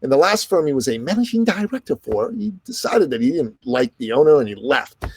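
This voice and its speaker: A middle-aged man, a business coach being interviewed, telling stories in an animated way and acting out the people in them. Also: a little high, gravelly, slightly rough. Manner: animated, fast storytelling with quoted dialogue. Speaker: podcast host and business coach, guest. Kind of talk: storytelling in an interview.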